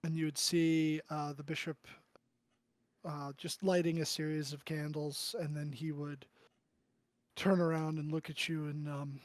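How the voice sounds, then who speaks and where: A man running a tabletop game as game master, narrating with many pauses and throat-clearing. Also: on the high side, level tone, no room sound. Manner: halting, full of ums and throat-clearing.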